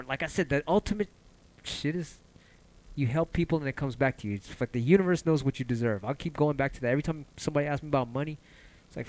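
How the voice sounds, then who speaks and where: Rambling, cursing man on a livestream. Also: quick pace. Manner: loose, rambling, heavy cursing; animated, jumps in pitch when excited. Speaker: livestream host. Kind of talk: casual livestream chat.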